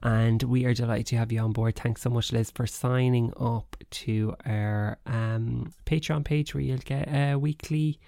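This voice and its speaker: A man's voice: mid-range voice, fairly even intonation, a little slow, creaky, hardly any pauses, mellow, dry recording, studio quality. A man hosting a podcast in casual chat, playful and teasing. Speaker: podcast host.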